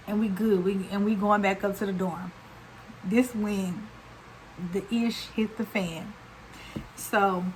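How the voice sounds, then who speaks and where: A woman's voice: mid-range voice, slight background noise, poor audio. Chatty young woman telling a story. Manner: chatty, slangy, runs on with fillers. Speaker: vlogger. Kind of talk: casual storytime.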